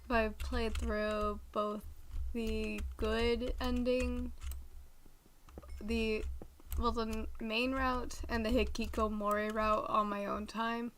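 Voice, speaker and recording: A woman's voice: fairly high pitch, level tone, slow, fairly bright tone, a little hiss or hum. A young woman streaming a game, chatting casually in a rambling way that often corrects itself. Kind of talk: casual chat while playing.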